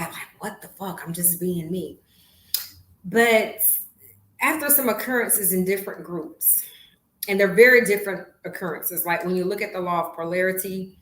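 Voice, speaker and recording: A woman in her fifties hosting a podcast, talking in a blunt, profane monologue that swings from low asides to loud outbursts. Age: 50s. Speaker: podcast host. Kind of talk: candid monologue. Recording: roomy echo.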